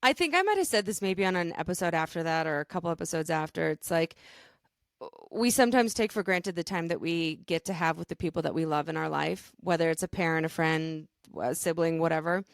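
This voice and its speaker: Woman co-host, earnest and rambling, lowish voice, dry close sound. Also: expressive, fairly quick, creaky, no room sound. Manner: earnest, rambling with many fillers. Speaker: podcast co-host. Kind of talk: casual chat.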